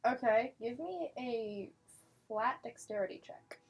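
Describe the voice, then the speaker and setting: A woman narrating a tabletop game as game master, self-mocking and quick to laugh. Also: on the high side, lively intonation, lo-fi sound.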